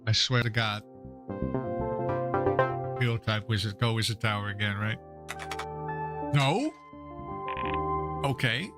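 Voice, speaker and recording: A man's voice: lowish voice, expressive, takes it slowly, pauses often. A man giving casual commentary on his own game, with a wry, teasing manner and frequent laughter. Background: background music.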